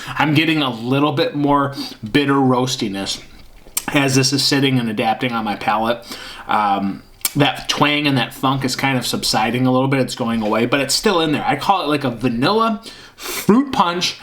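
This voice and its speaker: A man's voice: mid-range voice, normal speed, a bit bright. A man casually reviewing a beer on camera, rambling and hunting for words with lots of fillers. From Michigan.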